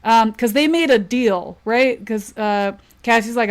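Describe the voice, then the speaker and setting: A woman's voice: a little high, a little slow. A woman co-hosting a podcast, casually recapping a book with frequent laughs and fillers. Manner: laughs often, filler-heavy retelling. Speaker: podcast co-host.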